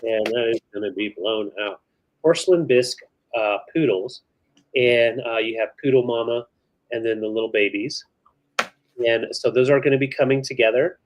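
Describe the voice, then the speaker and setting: A man's voice: mid-range voice, normal speed, poor audio. A middle-aged man co-hosting a live vintage sale, casually describing porcelain figurines. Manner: easygoing, relays chat comments. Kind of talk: casual live auction chat.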